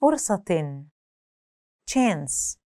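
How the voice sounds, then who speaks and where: Clear, measured woman teaching a lesson. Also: on the low side, big pitch swings, dark tone. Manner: clear, deliberate, slows down for example words. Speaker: language teacher. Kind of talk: scripted lesson narration.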